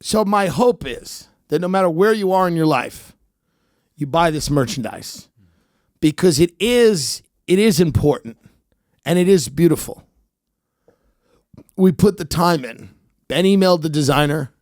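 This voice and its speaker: Podcast host guy, deadpan dark jokes, kinda high voice, dry close mic. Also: unhurried, long pauses, no echo. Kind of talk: comedic rant.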